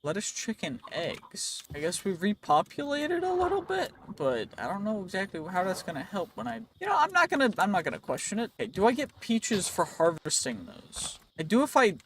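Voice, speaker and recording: A man casually commenting on his own gameplay, chatty and playful, thinking out loud, with a voice that is wearing out. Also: high voice, sing-song, normal speed, hardly any pauses, a little hiss or hum. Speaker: gaming channel host.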